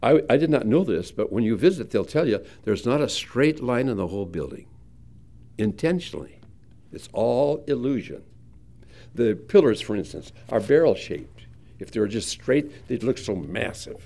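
A male preacher teaches from scripture in a conversational, storytelling way. His voice is warm and mellow, with a lively pitch that swings up for emphasis and drops low again. He often restarts phrases as he thinks aloud. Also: normal speed, creaky. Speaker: pastor teaching the Bible. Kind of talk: expository Bible teaching sermon.

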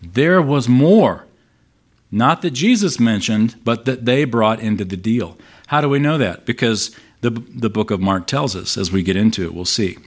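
A man delivers a sermon in an easy, conversational tone, breaking down a scripture passage for his listeners. His voice sits at a middle pitch, and he punches up the quoted lines as he reads them aloud. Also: expressive, moderate pace, slightly rough. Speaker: pastor.

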